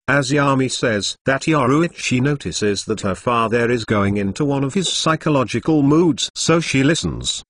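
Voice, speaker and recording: A synthetic male voice reading a fan story aloud in a flat manner, sometimes speaking punctuation as words. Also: medium pitch, moderate pace, hardly any pauses, no echo. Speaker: narrator. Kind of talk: text-to-speech story reading.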